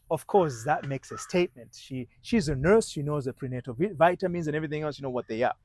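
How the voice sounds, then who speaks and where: Halting, higher-voiced male storytelling coach. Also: no echo, poor audio. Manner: halting, many restarts, drops to a hushed voice at tense moments. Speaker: marriage coach. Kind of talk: motivational storytelling talk.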